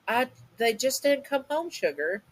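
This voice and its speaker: A woman's voice: on the high side, big pitch swings, a little slow, pitched above the performer's own voice. A woman voicing a fretful, doting middle-aged mother, anxious and gushing, in a fan audio story. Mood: worried.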